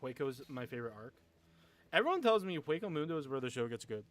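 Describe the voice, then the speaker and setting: A man's voice: mid-range voice, sing-song, quick pace, a bit bright. Young man rambling on a gaming stream. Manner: rambling, swears a lot, laughs often. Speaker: gaming livestreamer. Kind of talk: casual livestream chat with viewers.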